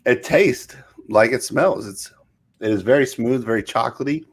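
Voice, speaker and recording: This podcast co-host, a middle-aged man, has a husky, medium-pitched voice and keeps a moderate pace. His talk is casual, relaxed and rambling.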